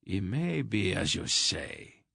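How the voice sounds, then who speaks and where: A man's voice: fairly low pitch, big pitch swings, slow pace, creaky, pushed and bright, slightly rough, dry recording, studio quality, heavily acted. Man doing a cold, heavily accented merchant. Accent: heavy foreign accent. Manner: cold, terse. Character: cold scar-faced foreign male merchant.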